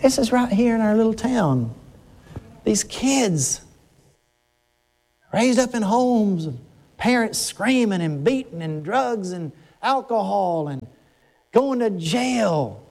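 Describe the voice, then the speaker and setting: An older man preaching a conversational sermon, earnest and emphatic, slowing down to stress his words. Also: high-pitched, big pitch swings, a little mellow.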